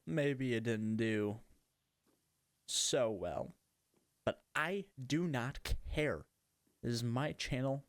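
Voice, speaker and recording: A man hosts a casual gaming podcast, chatting while he plays in a rambling, self-mocking way. His voice is medium-pitched, with no room sound.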